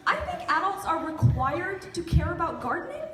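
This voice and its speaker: A woman's voice: very high-pitched, sing-song, moderate pace, heavy background noise. A nineteen-year-old woman performing a stand-up routine on a theatre stage, with dry, ironic mock outrage. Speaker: stand-up comedian. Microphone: camera in the audience. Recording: echoey theatre, loud audience laughter.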